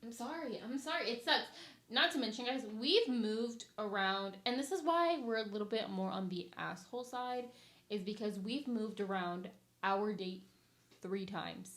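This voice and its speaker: On her casual podcast, a young woman about to marry speaks bluntly and with energy about her wedding plans, slipping into rants. She's a little high-pitched and moderately paced, and the room echoes.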